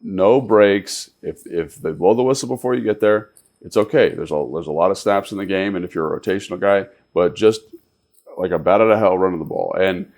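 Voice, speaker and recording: Deep-voiced ex-player talking football. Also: male voice, a little fast, darkish tone. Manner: coaching tone, emphatic, repeats himself. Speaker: co-host, former pro football player and coach. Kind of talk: casual football analysis.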